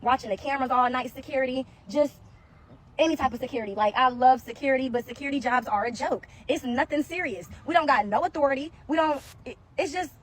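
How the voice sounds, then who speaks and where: A woman's voice: sits high, fast talker. A woman who used to work as a security guard, telling a casual story to the camera and acting out what other people said. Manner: animated, acts out other people's lines.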